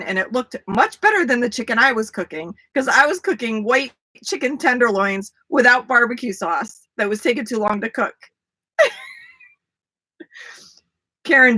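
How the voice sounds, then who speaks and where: A woman's voice: fairly high pitch, moderate pace, pushed and bright. A woman hosting a casual livestream, chatty, talking to viewers by name and laughing easily. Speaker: livestream host. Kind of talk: casual live chat with viewers.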